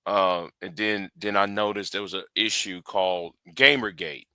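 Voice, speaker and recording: A tired man hosting a casual live stream after work, rambling and halting with many fillers and restarts. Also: low voice, fairly even intonation, bright, forceful tone, clean tone, no room sound.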